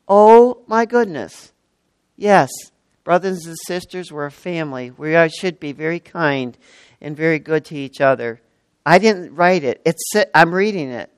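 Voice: mid-range voice, animated, unhurried, no echo. A preacher in their sixties delivering a sermon, stressing and repeating key words with frequent exclamations. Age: 60s.

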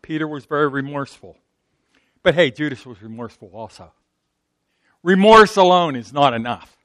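A man's voice: on the high side, normal speed, fairly bright tone, dry recording. A man from Pittsburgh with a Pittsburgh accent, preaching a sermon in a conversational, folksy way, acting out the quotes. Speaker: pastor.

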